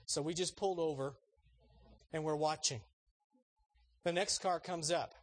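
A man's voice: a little high, measured pace. A man preaching a sermon, telling an anecdote and acting out the voices in it. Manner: animated storyteller, acts out voices in anecdotes. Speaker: pastor. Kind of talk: sermon storytelling.

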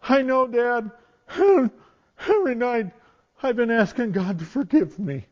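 A male preacher voicing a guilty seven-year-old boy, pushing his voice up into a whiny childlike pitch. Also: expressive, a little slow. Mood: pleading. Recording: dull lo-fi sound.

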